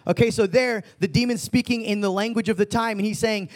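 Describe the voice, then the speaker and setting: A man's voice: high voice, brisk. A young man preaching a casual sermon, telling stories in laid-back slang and acting out the people in them. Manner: laid-back slang-filled, animated retelling. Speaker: youth preacher.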